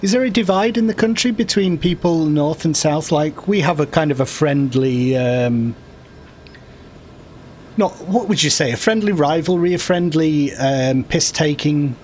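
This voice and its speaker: Playing an online game on stream, a man from the north of England chats casually in a Yorkshire-Lancashire accent, thinking aloud, rambling and cracking wry jokes. His voice is a little high, a little slow and a little mellow, with slight background noise.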